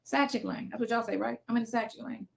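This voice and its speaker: A fast-talking woman with a fairly high pitch and vocal fry hosts a casual livestream; a little hiss or hum can be heard. She's in her fifties, broadcasting from her home basement, and she handles viewers' comments bluntly and defiantly, swearing all the way.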